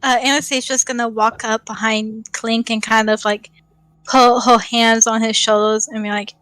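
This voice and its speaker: A woman playing a tabletop game, calm and soothing. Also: fairly high pitch, normal speed, clear, resonant tone, dry recording, poor audio. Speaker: player. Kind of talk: casual game chat.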